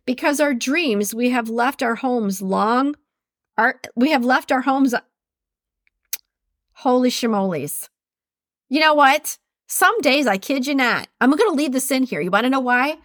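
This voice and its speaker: A woman hosting a solo podcast, reading quotes aloud and chatting casually, laughing at her own slips in an animated way. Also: sits high, measured pace, dry recording, studio quality. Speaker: podcast host.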